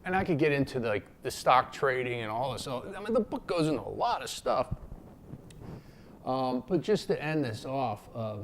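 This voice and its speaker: There's a sing-song lilt to this mid-range male voice, which moves at normal speed against slight background noise. The speaker, a vlogger from Philadelphia, chats casually and unscripted to the camera, wandering loosely with many fillers, slang and curses, and acting out quotes in a raised voice as he tells stories.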